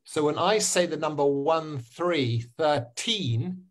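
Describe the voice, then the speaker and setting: A man with a slightly raised pitch teaches pronunciation over a video call. He speaks slowly and patiently, repeating each word again and again. The sound is that of a webinar call.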